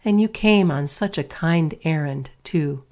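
A woman reading aloud, voicing a kind, gently rueful mother in a storybook. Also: sits low, measured pace.

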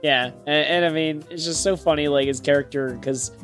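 A man's voice: a little high, steady tone, brisk, fairly bright tone, soft background music. A man co-hosting a movie podcast, talking in a laid-back, amused way. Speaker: podcast co-host. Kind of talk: casual movie review chat.

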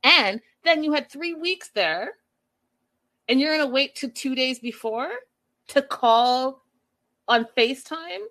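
A woman's voice: sits high, slow, pauses often. Sassy woman recapping a show live. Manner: animated, opinionated, sassy asides. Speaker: live-stream recap host. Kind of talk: casual reality-show recap on a live stream.

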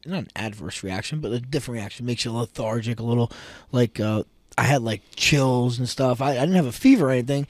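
A man, a wrestling coach hosting a casual chat, telling stories animatedly and acting out quotes with sudden loud outbursts. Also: mid-range voice, brisk, no room sound. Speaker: podcast host, wrestling coach.

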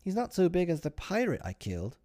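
A man's voice: high-pitched, wildly swooping pitch, fairly quick, dark tone, pitched above the performer's own voice. A man reading aloud, voicing a small, naive young boy with an eager, doubtful manner.

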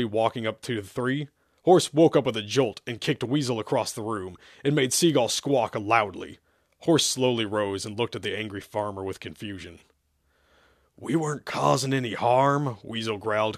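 A man hosting a show and reading an old, absurd amateur story aloud in a deadpan, measured way. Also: fairly low pitch, no room sound. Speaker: host and story reader. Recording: dry close sound.

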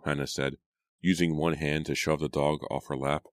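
A man narrating an audiobook in a steady, measured storytelling manner. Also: extremely low pitch, no echo, clean studio sound. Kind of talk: scripted narration.

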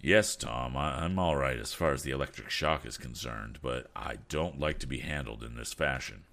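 A man's voice: rumbling low, normal speed, a bit bright, voice pushed down. A man voicing a frail elderly father who speaks in a weary, dignified way.

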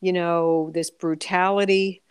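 A woman's voice: fairly low pitch, flat delivery, unhurried, smooth, no room sound. A woman columnist speaking as a guest on a radio talk show, thoughtful and full of hesitations. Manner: hesitant, many fillers and restarts. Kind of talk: radio interview.

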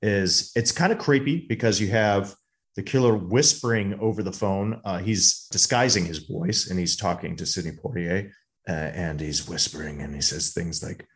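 Low-voiced man recapping a movie. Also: moderate pace. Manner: relaxed, recaps plot at length. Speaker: podcast co-host. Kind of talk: casual movie podcast chat.

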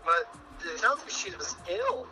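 A woman's voice: lowish voice, wildly swooping pitch, unhurried, sharp tone, soft background music, low-quality recording. A woman co-hosting a casual chat, asking quizzical, teasing questions.

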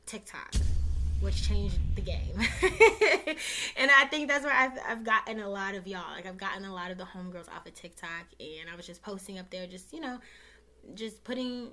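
A woman's voice: medium pitch, normal speed, sharp tone. A young woman hosting her own podcast, talking straight to her listeners in a casual, heartfelt way. She, uses many fillers and is close to tears. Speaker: podcast host.

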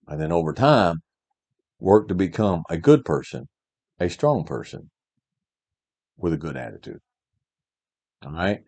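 A man's voice: sits low, mellow. A middle-aged man giving a motivational talk to young men, emphatic, repeating key phrases and checking in with "all right?". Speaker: podcast host giving life advice.

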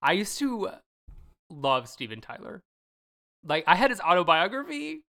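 A podcast co-host chatting casually and telling stories in an animated way, laughing often. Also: medium pitch, unhurried, gravelly. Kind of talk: casual chat.

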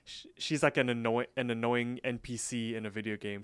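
A man with a smooth, resonant voice recaps a cartoon episode in loose, chatty fashion. He leans on fillers and restarts and now and then pops into quick character voices. His sound is close and dry. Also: medium pitch, fairly even intonation, a bit bright, no room sound. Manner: loose, filler-heavy retelling with quick voice impressions. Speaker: podcast co-host.

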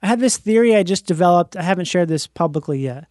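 A man's voice: high voice, animated, quick pace, darkish tone, no room sound, clean studio sound. An American man in casual, playful chat, slipping into voices. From United States.

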